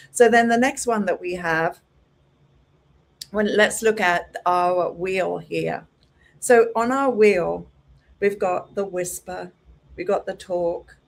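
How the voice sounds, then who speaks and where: A middle-aged woman leads a hairdressing class, her voice mid-pitched. She talks in an animated way and jumps into her clients' voices with bright exclamations. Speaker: hairdressing educator. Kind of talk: teaching a class.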